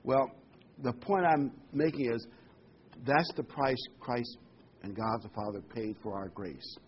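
A man's voice: mid-range voice, unhurried, dull audio, slight background noise. A man giving a sermon, earnest and emphatic, repeating key words and reading scripture aloud. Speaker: preacher.

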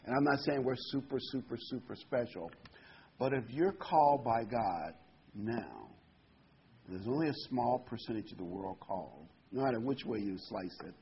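A man's voice: mid-range voice, lively intonation, moderate pace. A man preaching a sermon in a folksy, rambling way, often correcting himself. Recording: dull lo-fi recording, faint background hiss.

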